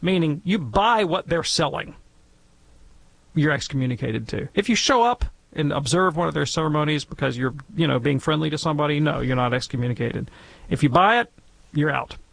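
A man's voice: a little high, animated, a little fast, creaky, fairly bright tone, dry recording. A man answering listener questions on a call-in radio show, explaining ideas casually and wandering off into jokey tangents. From Alabama, USA. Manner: rambling, digressive and jokey, with playful tangents. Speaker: guest theologian answering questions.

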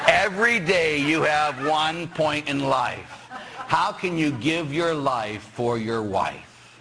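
A middle-aged man preaching as a Catholic priest, telling stories and acting out quoted voices with sudden shouts. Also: a little high, lively intonation, takes it slowly, a little hiss or hum, poor audio. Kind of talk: sermon.

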